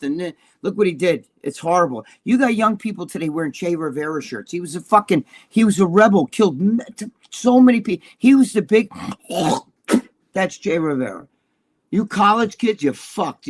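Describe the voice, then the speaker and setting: A man's voice: sits high, dry recording. A man in his sixties co-hosting a talk show, ranting about politics in a profane, combative, rambling way. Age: 60s. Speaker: co-host.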